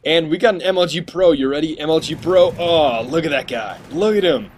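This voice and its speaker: A man's voice: on the high side, brisk. A man narrating his shooter gameplay in a rambling, sarcastic, joking voice-over. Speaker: gaming commentator.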